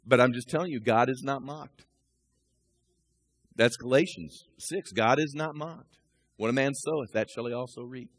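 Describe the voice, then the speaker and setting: A man's voice: mid-range voice, normal speed, long pauses, slightly rough, no echo. Emphatic man preaching, dry close sound. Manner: emphatic preaching, builds to loud rising peaks. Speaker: pastor. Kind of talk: sermon.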